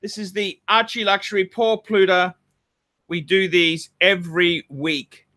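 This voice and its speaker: A man's voice: sits high, steady tone, a little slow, sharp tone. A man hosting a live stream, ranting and swearing angrily. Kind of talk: casual live-stream chat.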